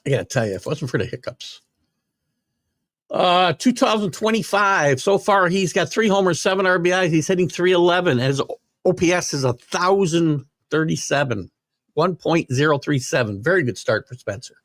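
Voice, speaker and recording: An older man hosts a live sports talk show, reading viewer comments and rambling casually with plenty of fillers while he has the hiccups. His voice is fairly high and fairly bright, with lively intonation and a moderate pace. The recording is clean studio sound with no room sound.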